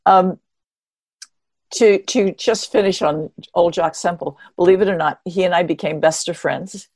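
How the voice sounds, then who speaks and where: A woman in her seventies, an interview guest and former marathon runner, telling stories in an animated, expressive way with wry humor. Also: fairly low pitch, a little slow, no echo. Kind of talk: conversational storytelling.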